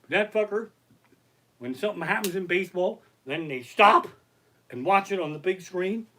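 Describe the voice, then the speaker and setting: A comedian rants in a bright, animated voice, swearing constantly and sounding exasperated. His pitch swings widely as he builds each complaint. He streams the show live from his living room. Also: normal speed. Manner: profane, ranting, exasperated. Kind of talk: live-streamed stand-up rant.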